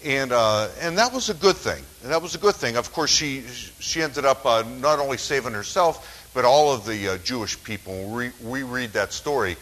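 A man's voice: mid-range voice, normal speed, few pauses, fairly bright tone, poor audio. A male pastor preaching a conversational sermon in a church, with many fillers and restarts.

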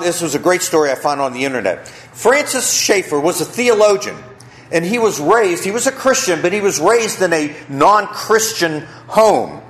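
A man's voice: fairly high pitch, a little hiss or hum. A man preaching a sermon as pastor, telling a story and asking the congregation rhetorical questions.

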